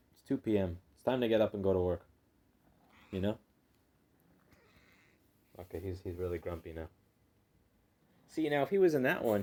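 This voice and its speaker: A man's voice: deep voice, warm tone. A man filming casually at home, chatting and cooing baby talk at his cat. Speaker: channel host. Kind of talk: casual home video chat.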